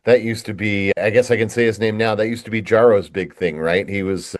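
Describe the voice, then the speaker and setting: A man in his fifties hosting a conversational interview, mostly giving brief agreeing replies and quick asides. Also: lowish voice, fairly even intonation. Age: 50s. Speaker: host.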